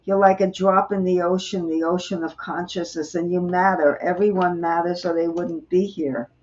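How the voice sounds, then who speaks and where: A woman reading tarot cards for a viewer on a live stream, explaining each card gently. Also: on the low side, steady tone, normal speed. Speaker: tarot reader, host. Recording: muffled lo-fi stream audio.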